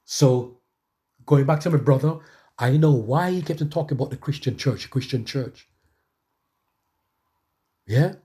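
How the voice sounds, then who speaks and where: A man's voice: mid-range voice, unhurried, pauses often, dark tone. A middle-aged man preaching a testimony sermon, conversational and emphatic, repeating phrases for emphasis.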